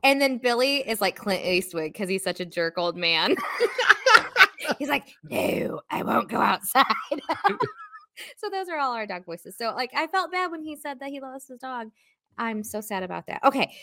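A woman co-hosting a casual music podcast, talking in a bright, clear voice that rides up and down a lot. She is chatty and animated and laughs often. Her voice sits a little high for a woman. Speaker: podcast co-host. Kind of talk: casual chat.

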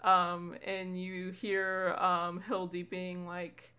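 Bright-voiced woman game master. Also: on the low side, completely flat delivery, smooth. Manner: chatty, lots of ums, quick laughs. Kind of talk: narrating a tabletop game.

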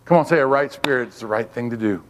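A man's voice: medium pitch, quick pace, long reverb tail. A man giving a sermon as a guest preacher, fervent and repetitive, calling on the congregation to respond. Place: church.

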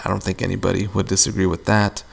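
A young man hosts a casual solo podcast, rambling along and venting with plenty of swearing. His fairly low voice is thick with gravelly fry. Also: flat delivery, quick pace. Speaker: podcast host.

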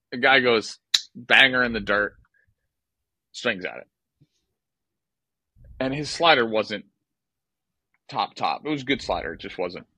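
Man, podcast co-host, lowish voice, bright and forceful, animated, swears, dry close mic. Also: no echo, poor audio. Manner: animated, profane, exasperated storytelling. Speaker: podcast co-host, former baseball player. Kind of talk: casual podcast storytelling.

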